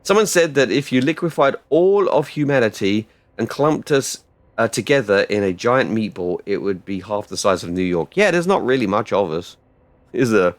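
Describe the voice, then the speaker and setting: A man streaming a game live, rambling casually and bursting out loudly when things go right. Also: lowish voice, normal speed, dry recording. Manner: rambling and excitable, with loud outbursts. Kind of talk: casual live-stream chat while gaming.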